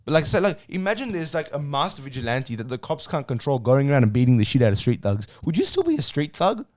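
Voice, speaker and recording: A man's voice: medium pitch, sing-song, fast talker, a little mellow, no room sound, studio quality. A young man, co-hosting a podcast in a rambling, self-mocking casual chat. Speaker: podcast co-host.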